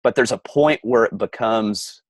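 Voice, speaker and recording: On a podcast he co-hosts, a middle-aged man rants heatedly in casual conversation, often stammering and starting over. His voice sits at medium pitch with a measured pace, and there's no room sound.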